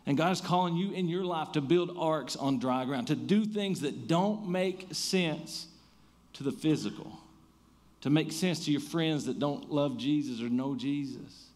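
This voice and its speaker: A man pastor preaching a sermon, telling a story with lively emphasis and easing into quiet, soft prayer. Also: on the high side, unhurried.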